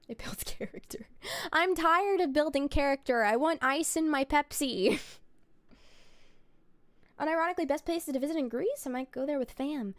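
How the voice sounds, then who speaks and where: A woman's voice: sits high, normal speed, dry recording. A woman streamer in casual chat, playful and goofy, joking with silly word swaps.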